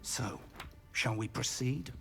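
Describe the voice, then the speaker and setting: A courteous older professor speaks in measured, resigned tones with a lively pitch. Soft game music plays behind. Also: male voice. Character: kindly, weary older male professor.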